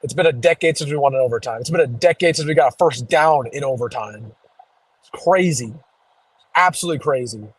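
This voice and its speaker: A young man hosting a casual live postgame reaction stream, chatty and reading viewer comments, a little hoarse from losing his voice. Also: medium pitch, brisk, no room sound, poor audio. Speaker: sports streamer host. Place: driving home.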